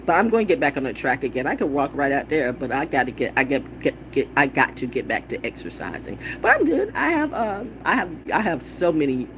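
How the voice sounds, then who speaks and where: A woman's voice: very deep voice, big pitch swings, a little fast, few pauses, a bit bright, a little hiss or hum. A woman rambling bluntly and with plenty of swearing in a casual monologue, often repeating words for play. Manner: blunt, profane and wandering. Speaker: vlogger.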